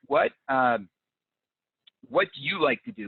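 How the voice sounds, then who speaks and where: An upbeat man of ordinary pitch presents a live training webinar, cheerfully reacting to audience suggestions. His voice is dry and close, squeezed into a tinny phone-like band. He speaks in a relaxed, conversational way. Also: measured pace, creaky, husky, dry recording. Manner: enthusiastic, reads audience chat aloud. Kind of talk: live fundraising webinar talk. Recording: dry, phone-like narrow sound.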